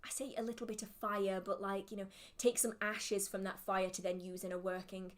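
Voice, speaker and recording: A woman's voice: medium pitch, level tone, brisk. A woman hosting a casual livestream Q&A, chatty and self-deprecating, with the hiccups. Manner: chatty, self-deprecating, laughs at own slips. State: has the hiccups. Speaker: witchcraft livestream host.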